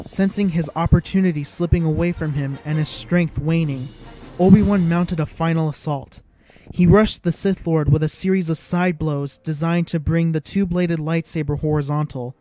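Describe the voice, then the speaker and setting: A man's voice: a little high, fairly even intonation, moderate pace, warm tone, soft background music. A man giving dramatic, vivid scripted narration of an audiobook.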